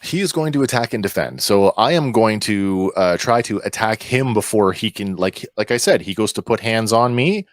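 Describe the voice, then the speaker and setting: A man playing a tabletop game, thinking out loud in a rambling, casual way. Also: fairly low pitch, expressive, normal speed, few pauses, dry recording, studio quality. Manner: rambling, full of fillers and restarts. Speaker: player.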